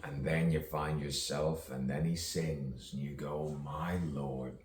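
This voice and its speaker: Man with a very low voice, slow, playful rhyming ramble; distant mic in a roomy space. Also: steady tone, a little mellow, slight background noise. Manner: playful, rhyming wordplay, frequent chuckles. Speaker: poet. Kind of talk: rambling improvised monologue.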